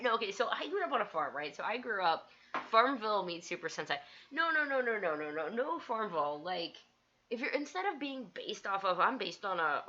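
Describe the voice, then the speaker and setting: Excitable woman host for a home-studio stream, bright and animated, a little lo-fi. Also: mid-range voice, a little hiss or hum. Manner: excitable, laughs often, rambling. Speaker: livestream host. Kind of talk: casual livestream chat. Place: home studio with green screen.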